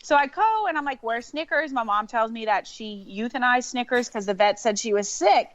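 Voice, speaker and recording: A woman's voice: fairly high pitch, moderate pace, no room sound. Laughing Southern woman telling a story. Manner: laughing often, animated storytelling. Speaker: podcast guest. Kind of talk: casual storytelling chat. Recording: dull lo-fi sound.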